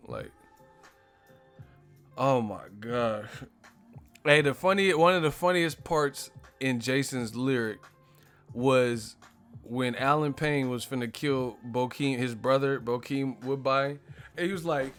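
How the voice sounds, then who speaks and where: A man's voice: medium pitch, a little slow, a bit bright, smooth, faint music behind. A man hosting a casual live stream, telling stories animatedly with lots of slang and profanity, often laughing and acting out movie lines. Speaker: host of a live boxing stream.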